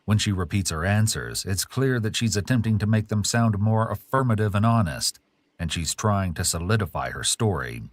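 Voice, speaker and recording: A man giving measured, analytical scripted narration for a true crime show. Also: fairly low pitch, animated, no room sound. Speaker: documentary narrator.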